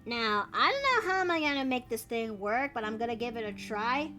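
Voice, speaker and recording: High-voiced chatty woman streamer. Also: fairly quick, bright, forceful tone, soft background music. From Canada. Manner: chatty, thinks aloud, with gasps and playful asides. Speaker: streamer and artist. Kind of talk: casual chat while drawing live.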